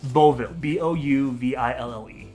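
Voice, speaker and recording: A man's voice: mid-range voice, normal speed, dark tone, soft background music, close to an everyday voice. A man voicing a chatty orc shopkeeper mother. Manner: chatty, rambling, many restarts. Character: middle-aged female orc shopkeeper, frank and worried.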